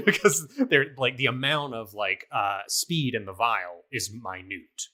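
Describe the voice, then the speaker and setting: A man's voice: mid-range voice, lively intonation, moderate pace, hardly any pauses, sharp tone. A man co-hosting a podcast, casually recapping his video game playthrough in a rambling way, full of fillers. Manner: rambling, filler-heavy storytelling. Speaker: podcast co-host.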